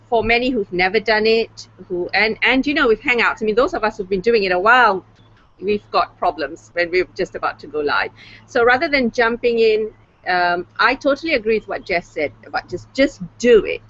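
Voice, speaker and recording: A woman on a panel speaks hesitantly, hedging her suggestions and checking agreement with tag questions. Her pitch is mid-range. The call audio is muffled and lo-fi. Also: animated, normal speed, a bit bright. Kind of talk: casual panel chat.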